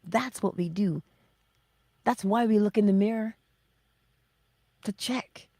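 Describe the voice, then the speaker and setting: A middle-aged woman hosting a motivational livestream, speaking slowly and emphatically and often dropping to a breathy whisper. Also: mid-range voice, mellow, no echo, studio quality. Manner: acts out her own self-talk in little voices. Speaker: livestream host.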